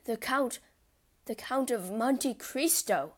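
A woman's voice: a little high, a little slow. A woman voicing a greedy, frightened captive man who pleads in a raised voice. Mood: desperate.

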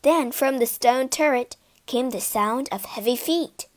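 Slow, expressive woman reading a storybook. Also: high voice. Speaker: narrator. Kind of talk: storybook read-aloud.

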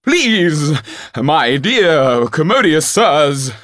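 A man's voice: on the high side, very animated, extremely slow, fairly bright tone, dry recording, clean studio sound, voice pushed up, exaggerated voice. A man voicing a pompous theatrical male stage actor who begs in grand, old-fashioned stage diction, in an audiobook. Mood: pleading theatrically. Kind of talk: audiobook character voice.

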